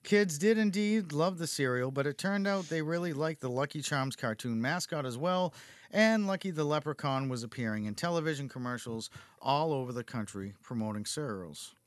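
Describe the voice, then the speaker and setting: A man hosting a chatty podcast, his voice a little high for a man, jokey and quick to laugh as he reads from his notes. The sound is dry and close, with no room around it. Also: expressive, dry recording. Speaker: podcast host. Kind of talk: casual podcast chat reading facts.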